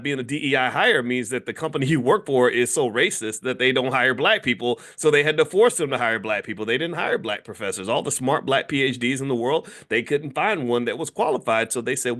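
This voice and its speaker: A man's voice: mid-range voice, pushed and bright. A middle-aged man hosting his own channel, talking through a topic in a rambling, loose monologue with lots of fillers and restarts. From United States. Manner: mimics voices playfully when quoting others. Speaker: finance commentator and channel host. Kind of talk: casual commentary monologue.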